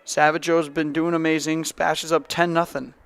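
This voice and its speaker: High-voiced young play-by-play man. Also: level tone, creaky, a bit bright, clear, resonant tone. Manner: brisk, rises sharply on big plays. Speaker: play-by-play announcer. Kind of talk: softball play-by-play commentary.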